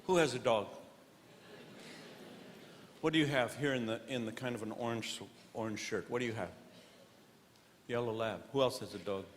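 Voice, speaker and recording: A man performing live stand-up comedy on stage. He questions audience members directly and swings between earnest preaching and loud comic bits. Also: medium pitch, moderate pace, pauses often. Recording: long hall reverb, faint noise.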